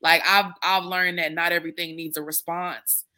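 A woman guesting on a podcast, chatting casually and thinking out loud with frequent restarts. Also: on the low side, flat delivery, moderate pace. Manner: thoughtful, hesitant, with many restarts and "like". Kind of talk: casual chat.

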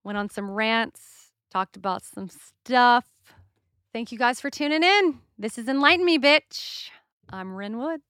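A young adult woman hosting a podcast, telling a story in a casual, profane and animated solo rant. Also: on the high side, measured pace, clear, resonant tone, dry recording, studio quality. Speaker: podcast host.

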